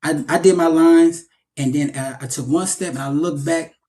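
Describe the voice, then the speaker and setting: Animated man retelling his acting start. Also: on the high side, moderate pace. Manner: animated, repeats words while telling a story. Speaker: actor, interview guest. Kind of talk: casual storytelling interview.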